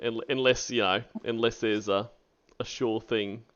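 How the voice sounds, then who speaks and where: A man's voice: on the low side, steady tone, unhurried, fairly bright tone, clear, resonant tone, lo-fi sound. A man co-hosting a podcast, giving wry casual commentary. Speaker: podcast co-host.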